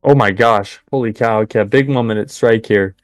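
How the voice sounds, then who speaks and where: A young man hosting a live trading stream, chatting with viewers and cheering the market on in excited bursts. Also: lowish voice, moderate pace, dry recording, studio quality, soft background music. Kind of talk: live trading commentary with chat.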